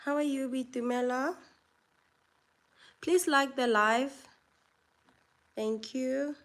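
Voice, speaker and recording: A woman's voice: high voice, slow pace, a bit bright. A woman from South Africa with a South African accent, hosting a casual live chat and reading out viewer questions before answering them. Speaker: livestream host.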